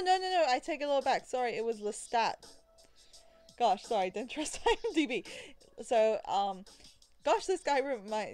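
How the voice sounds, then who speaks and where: A woman's voice: mid-range voice, darkish tone. Chatty woman reading a game aloud. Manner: chatty, rambling asides, giggly. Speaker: let's play gamer. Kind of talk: reading a visual novel aloud with commentary.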